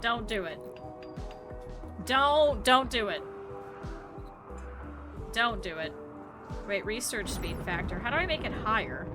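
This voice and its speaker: A woman streaming a game, rambling casually and bursting into loud excited outbursts. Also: a little high. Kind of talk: casual gaming stream chat.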